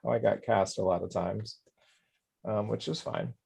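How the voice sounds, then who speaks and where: A man's voice: lowish voice, steady tone, moderate pace, gravelly, a little mellow, slightly rough. A man hosting a casual craft livestream, joking around and reading out viewer comments. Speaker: host. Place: Orlando.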